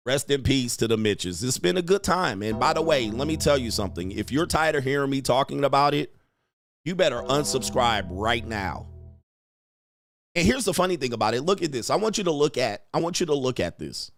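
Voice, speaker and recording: A man's voice: medium pitch, no room sound, studio quality. A man hosting his own livestream, talking straight to his viewers in a brash, profane, mocking way and taunting them. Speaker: livestream host. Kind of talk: livestream rant to chat.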